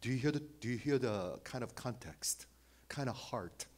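A man delivers a sermon as pastor in a mid-range voice. He swings between forceful, raised emphasis and quiet, almost whispered lines. His phrasing carries small grammatical slips. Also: medium pitch, expressive, normal speed. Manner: dynamic, swings between loud emphasis and hushed near-whisper.

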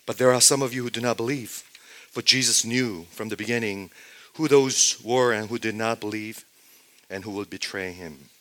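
Preacher swinging between booming and whispered. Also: male voice, moderate pace. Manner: swings from loud emphatic statements to hushed whispers, repeats phrases. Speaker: pastor. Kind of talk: sermon.

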